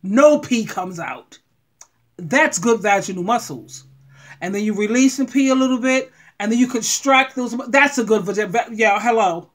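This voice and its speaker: A middle-aged woman giving blunt, animated relationship advice straight to her viewers. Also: on the high side, normal speed. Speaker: advice vlogger. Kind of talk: frank advice monologue.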